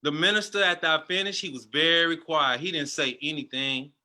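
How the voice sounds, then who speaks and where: Guy giving a heartfelt testimony, real high bright voice, very passionate. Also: a little fast. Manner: passionate, storytelling. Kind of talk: emotional personal testimony.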